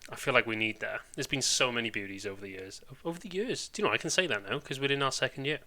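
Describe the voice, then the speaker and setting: A man's voice: mid-range voice, fast, pushed and bright. A man with a Welsh accent, chatting casually and rambling on a live stream, full of British slang.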